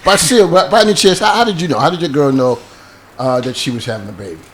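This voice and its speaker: A man's voice: on the high side, quick pace, heavy background noise. A man hosting a talk show panel, joking and bantering with his co-host.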